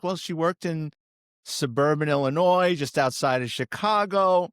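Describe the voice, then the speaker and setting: A man's voice: fairly high pitch, fairly bright tone, no room sound, clean studio sound. A man from law enforcement in a casual podcast conversation, talking plainly and leading into a question.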